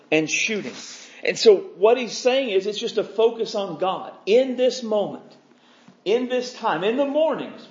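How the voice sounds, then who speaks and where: A man's voice: high voice, darkish tone. A man preaching an expository sermon, fervent and emphatic, stacking repeated phrases. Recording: dull lo-fi recording.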